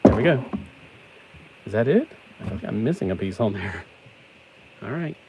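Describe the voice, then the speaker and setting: Middle-aged male vlogger, low voice, loose self-mocking banter, steady background noise. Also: moderate pace. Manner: chatty, self-deprecating, joking asides. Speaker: toy-building vlogger. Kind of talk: casual rambling chat while building.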